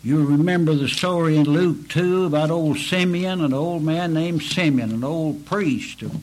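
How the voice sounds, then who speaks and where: A man preaching a sermon, slow and earnest, pleading with his listeners and rising to emphatic peaks. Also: a little high, a little mellow, poor audio.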